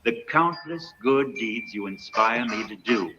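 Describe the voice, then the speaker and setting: A man's voice: lowish voice, lively intonation, measured pace, over music. An actor playing a smug, self-righteous male plantation owner who prays aloud in a dubbed film. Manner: self-satisfied, preaching prayer. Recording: dull lo-fi film audio with noise.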